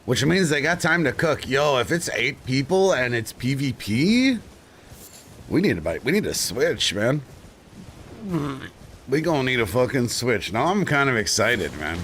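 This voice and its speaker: A man's voice: mid-range voice, a little slow, a little hiss or hum. A man streaming live, chatting casually and telling stories with lots of swearing and frequent laughter. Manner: animated, swearing storyteller who laughs often.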